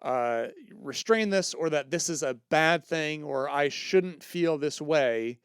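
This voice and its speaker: A man co-hosting a podcast, talking in a thoughtful, measured way with frequent restarts. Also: fairly high pitch, smooth, dry recording, studio quality. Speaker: podcast co-host. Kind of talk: casual podcast chat.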